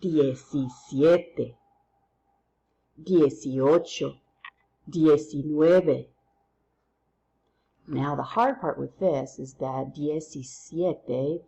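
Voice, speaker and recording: A woman teaching a recorded lesson through counting drills, playful and quick to use silly memory tricks. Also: low voice, gravelly, husky, highs cut off. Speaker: Spanish teacher.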